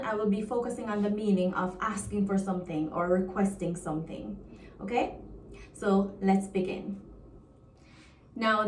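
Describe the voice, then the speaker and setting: A woman's voice: mid-range voice, darkish tone, reverberant, recorded from a distance. A woman from Jamaica with a Jamaican accent, teaching a language lesson and patiently repeating example phrases.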